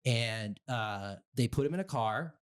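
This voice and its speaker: A man's voice: medium pitch, animated, measured pace, smooth. A young man from Utah co-hosting a podcast, telling a story in a rambling, profane way, full of fillers and voiced quotes. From Utah, USA. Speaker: podcast co-host. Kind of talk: casual storytelling chat.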